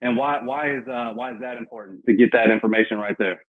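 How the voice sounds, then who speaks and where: This man's mid-range voice has a breathy edge, and he speaks fast. He runs a live sales training, coaching a team on cold-call lines and acting out sample phone talk, all captured in thin, phone-like audio.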